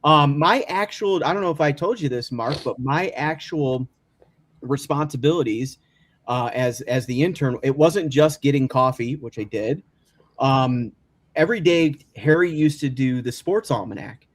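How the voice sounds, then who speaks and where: A man's voice: mid-range voice, normal speed. A man from the area, a podcast guest chatting casually and telling stories with frequent restarts and laughs. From Chicago area, USA.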